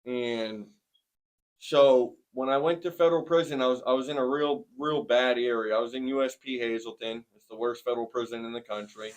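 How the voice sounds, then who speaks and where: A man's voice: mid-range voice, fairly even intonation. Earnest man telling a hard personal story. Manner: earnest, plainspoken, many "um" pauses. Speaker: interviewee sharing a testimony. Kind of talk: personal testimony in conversation.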